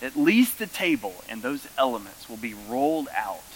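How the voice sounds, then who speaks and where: A man preaching a sermon as pastor, telling stories with lively emphasis. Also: mid-range voice, moderate pace, slight background noise, rough recording.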